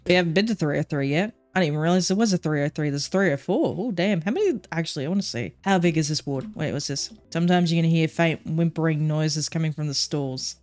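A woman's voice: deep voice, animated, a little fast, a little mellow. A woman streamer playing a story game, chatty and laughing, swearing freely as she reacts. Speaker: VTuber streamer. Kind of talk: casual game commentary and reading aloud.

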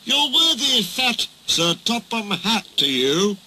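A man voicing a proud, shrewd male tank engine, crisp and matter-of-fact with a dry, teasing edge. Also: sits high, sing-song, unhurried, bright, forceful tone, slight background noise, pitched above the performer's own voice, full character voice, poor audio. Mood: firm.

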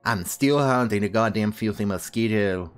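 A man's voice: lowish voice, normal speed, clear, resonant tone, soft background music. A man hosting a ranting commentary show, reading news aloud and breaking off into profane, scornful asides. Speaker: commentary channel host.

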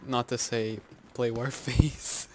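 Guy yelling at a shooter game while he talks thru it, mid pitch, gunshots going off under him. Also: slow pace, background noise. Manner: excitable, yelps and groans at in-game deaths; self-mocking, joking asides. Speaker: video game YouTuber. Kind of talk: live gameplay commentary. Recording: loud game gunfire under the voice.

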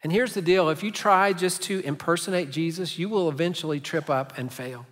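A man's voice: on the high side, brisk, fairly bright tone, in a large hall. A man preaching a sermon as pastor, telling stories and asking rhetorical questions in a conversational way. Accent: Texan. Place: large church sanctuary.

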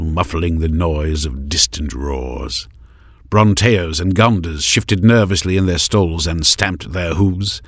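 Low voiced guy reading a fantasy audiobook, steady pace, super dry close studio sound. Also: dry recording. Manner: measured, even storytelling. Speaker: audiobook narrator. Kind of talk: scripted fantasy narration. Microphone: close studio mic.

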